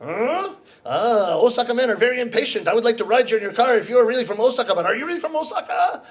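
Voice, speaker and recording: A man acting out an impatient customer in a hurry who talks in brisk, exasperated bursts. His voice is high, and it is rakugo storytelling on stage. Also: animated. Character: impatient hurried male customer.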